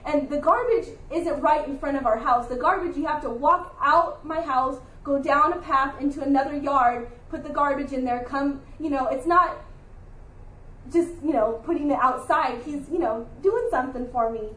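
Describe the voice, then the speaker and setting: Earnest high-voiced woman teaching scripture. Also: moderate pace, a bit bright, reverberant, distant mic, low-quality recording. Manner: earnest, confessional, heartfelt. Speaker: Bible study speaker. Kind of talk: Christian devotional teaching.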